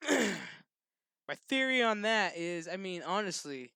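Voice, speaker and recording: A man hosting his own channel, ranting casually and profanely in a rambling, animated way. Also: high voice, slow, vocal fry, clean tone, dry recording, clean studio sound. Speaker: gaming channel host. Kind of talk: casual rant.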